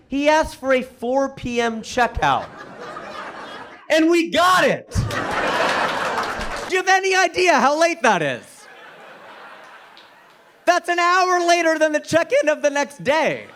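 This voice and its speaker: An American man works a stand-up crowd in a fairly high, bright voice that swoops up and down. He grows animated and punches his lines with exclamations. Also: unhurried, long pauses. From United States. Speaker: stand-up comedian. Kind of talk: stand-up comedy routine. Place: comedy stage before a live audience.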